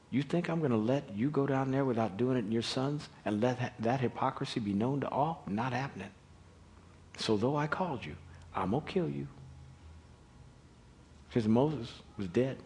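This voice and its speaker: A middle-aged man as pastor, preaching a sermon in a conversational, animated storytelling way. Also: mid-range voice, moderate pace, long pauses.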